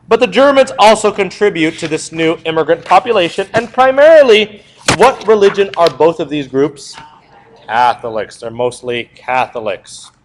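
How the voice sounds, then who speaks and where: A man's voice: on the high side, normal speed, a little hiss or hum, rough recording. A young adult male history teacher giving a classroom review lecture, quizzing the students and answering his own questions. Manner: lively, asks the class questions and answers them himself.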